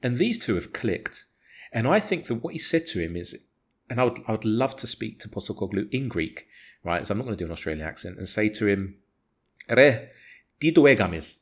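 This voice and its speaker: A man's voice: on the low side, a bit bright, breathy edge. A man argues his case on a casual football podcast. He talks with heat and conviction, swears freely, and keeps pushing his point. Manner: passionate, argumentative, swears freely. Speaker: podcast co-host.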